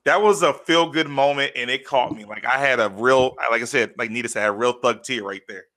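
Guy on a podcast, bright tense voice, rambly and emotional, um and like everywhere. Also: medium pitch, fairly quick. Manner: animated storytelling with many fillers. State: choked up, near tears. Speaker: podcast co-host. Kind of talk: casual chat.

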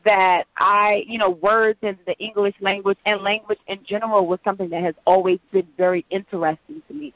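Woman, low voice, lively storyteller, dry muffled sound. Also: brisk, few pauses, dry recording. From Prince George's County, Maryland, US. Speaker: actress and voice-over artist, guest. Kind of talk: casual interview talk. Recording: dull lo-fi audio.

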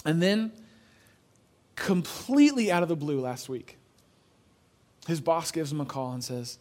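A pastor preaching a sermon in an earnest, conversational way, telling a story and repeating phrases for emphasis. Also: male voice, fairly high pitch, very animated, a little slow, pauses often, darkish tone. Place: church.

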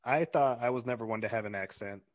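Male co-host, mid-pitched, playful banter. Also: fast. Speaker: podcast co-host. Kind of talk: casual chat.

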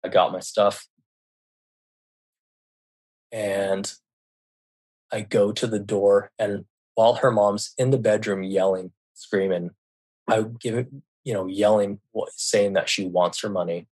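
Low-voiced man telling a story haltingly. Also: fairly even intonation, a little mellow, husky. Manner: halting, with frequent restarts and self-corrections. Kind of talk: casual personal storytelling.

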